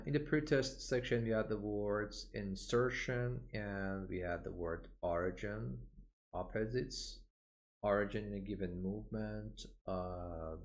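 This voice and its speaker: A man with a fairly low voice takes an unhurried pace through a vocabulary lesson. He says each key term slowly and often repeats it for pronunciation practice. He pauses with "uh" between points. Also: gravelly. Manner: slow, deliberate, models pronunciation by repeating words; frequent "uh" fillers, points at the page. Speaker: English for medicine teacher. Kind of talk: textbook walkthrough lesson.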